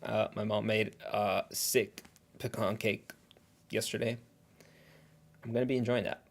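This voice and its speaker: A man's voice: on the low side, level tone, unhurried, creaky. A man hosting a casual livestream reaction who rambles in a chatty way and talks while eating.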